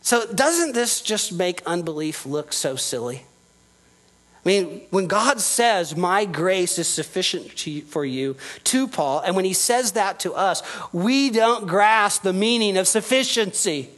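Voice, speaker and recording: A man's voice: sits high, lively intonation, unhurried, fairly bright tone, low-quality recording. A man preaching a sermon as pastor, earnest and emphatic, his voice rising and falling with the point he is making.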